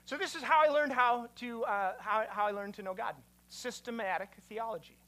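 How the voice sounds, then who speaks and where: A man, a pastor, giving an animated teaching sermon and quizzing his listeners. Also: very high voice, normal speed.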